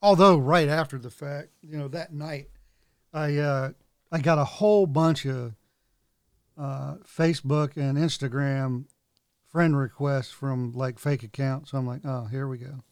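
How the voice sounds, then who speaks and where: A man chatting casually with a friend, speaking in a relaxed, halting way with many fillers. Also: a little high, clear, resonant tone, dry recording, clean studio sound. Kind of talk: casual chat.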